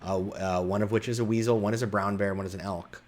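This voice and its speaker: Low-voiced man running a tabletop game. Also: fairly even intonation. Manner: halting, many fillers and restarts. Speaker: game master.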